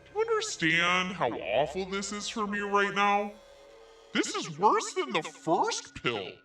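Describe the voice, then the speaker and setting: A man's voice: sits high, wildly swooping pitch, unhurried, sharp tone, full character voice. A man reading as a whiny self-pitying woman. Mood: whiny, dramatic. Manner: dramatic, whiny, self-absorbed. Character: self-pitying woman writing anguished texts. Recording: echoey, distant, with faint music.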